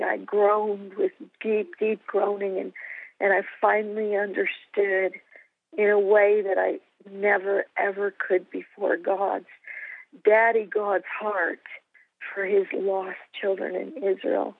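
A woman guest giving an emotional, halting testimony with many restarts. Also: medium pitch, creaky, dry recording. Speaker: missionary guest. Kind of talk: testimony and prayer on a talk show. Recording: phone-line audio.

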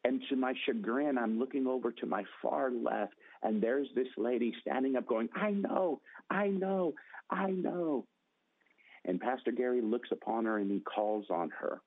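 A man's voice: normal speed, hardly any pauses, no room sound. A man from Northern California telling a personal faith testimony to an interviewer. He acts out the people in his story, raising his voice for their lines. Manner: dramatic, acts out quotes with raised pitch. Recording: tinny phone-like dry sound.

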